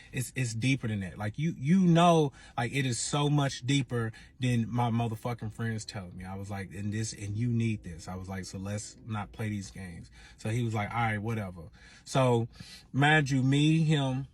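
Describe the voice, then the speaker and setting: A man's voice: medium pitch, husky. A man casually telling a dramatic personal story to his followers, swearing freely and acting out what everyone said. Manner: profane, dramatic, animated retelling; quotes people with exasperated asides.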